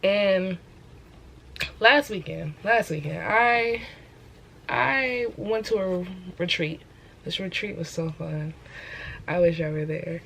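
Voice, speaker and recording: A young woman preaches about her faith in a casual vlog, pressing her points and repeating them for emphasis. Her voice sits fairly low, and faint room noise hums underneath. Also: fairly even intonation, slow, vocal fry, fairly bright tone, rough recording. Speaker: host.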